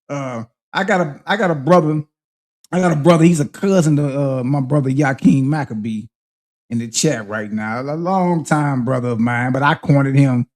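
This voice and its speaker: A man's voice: on the high side, darkish tone. A man hosting a livestream, preaching and confronting his critics in heated, slang-heavy commentary. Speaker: livestream host.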